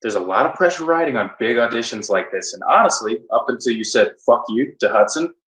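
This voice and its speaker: An actor playing an earnest male actor who soothes a quarrel with halting apologies in a scripted video-call comedy. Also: medium pitch, expressive, fairly bright tone, close to an everyday voice. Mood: placating. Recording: echoey room, mic far off.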